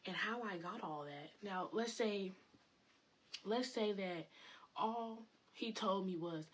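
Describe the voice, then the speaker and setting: A woman's voice: mid-range voice, slow pace, husky, low-quality recording. A woman spiritual content creator in a casual, rambling vlog monologue, full of fillers and enthusiasm.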